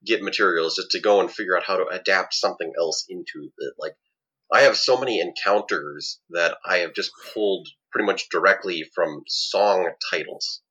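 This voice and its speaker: A man speaking as a podcast guest in casual chat, relaxed and rambling, with lots of "like"s. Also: low-pitched, moderate pace, husky, dull audio. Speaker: podcast guest, game master.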